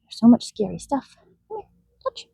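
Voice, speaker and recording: Gravelly, soothing woman coaxing an animal. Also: fairly high pitch, sing-song, normal speed, mellow, no room sound. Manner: soothing and coaxing, often dropping to a whisper. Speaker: donkey trainer. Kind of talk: coaching an animal with asides to camera. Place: outdoors in a donkey pen.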